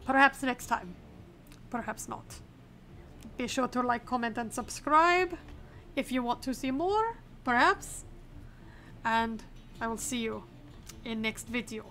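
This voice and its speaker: A woman's voice: on the high side, expressive, slow, pauses often, fairly bright tone, heavily acted. Woman putting on an officious border inspector, mock accent. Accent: put-on mock accent from the game's fictional country. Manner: formal, clipped officious phrasing. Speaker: gaming host. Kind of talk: playing a game in character.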